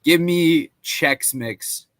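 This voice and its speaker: A man's voice: on the high side, very slow, fairly bright tone, no room sound. A young man in casual podcast chat, talking enthusiastically and with emphasis. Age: young adult.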